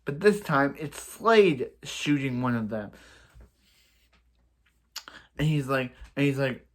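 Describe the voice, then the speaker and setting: A man's voice: mid-range voice, animated, slow. A young man casually recapping a TV episode as a reviewer, rambling and repeating himself, with playful bursts of sound effects.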